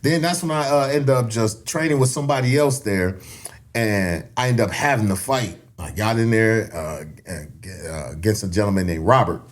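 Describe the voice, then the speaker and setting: A man in his thirties from Elgin, telling a story on a podcast in a casual, animated way and laughing often. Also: on the low side, normal speed. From Elgin, Illinois. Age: 30s. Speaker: podcast guest.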